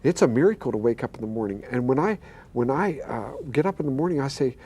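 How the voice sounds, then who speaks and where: A man's voice: mid-range voice, lively intonation, fast, dark tone, breathy edge. An older man, a pastor, telling his own healing story earnestly, acting out the voices he quotes and stammering now and then. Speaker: pastor and guest. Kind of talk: telling a personal testimony.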